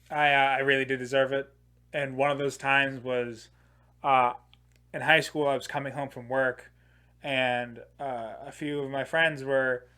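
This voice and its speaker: A man's voice: medium pitch, a bit bright. A young man in his twenties hosting a podcast, telling a long comedic story. He rambles, swears freely, leans on filler words, and laughs at his own jokes as he talks. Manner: rambling, profane, many filler "like"s. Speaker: podcast host.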